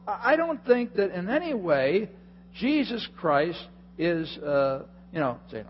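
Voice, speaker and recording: A man's voice: high voice, unhurried. A male pastor preaching a sermon, telling the story with energy and acting out the people in it. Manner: animated storytelling with acted-out voices. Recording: dull lo-fi hall recording.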